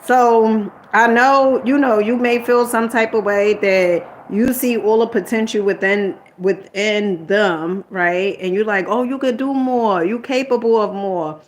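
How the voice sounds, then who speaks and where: Her medium-pitched voice stays fairly even and a little slow, with hardly any pauses and slight background noise behind it. A middle-aged vlogger, she rambles candidly through a personal story, quoting herself, retelling arguments, and lecturing with motherly exasperation.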